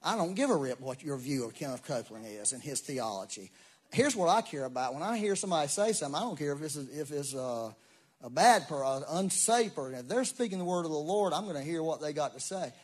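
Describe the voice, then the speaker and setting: A man, preaching a sermon in a folksy, animated way with asides and laughs. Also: on the high side, fast, husky. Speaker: pastor.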